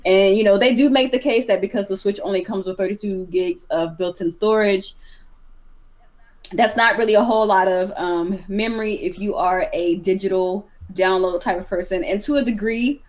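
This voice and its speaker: A woman hosting a casual gaming podcast, talking in a chatty, animated way and sounding exasperated at times. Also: mid-range voice, moderate pace. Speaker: podcast host.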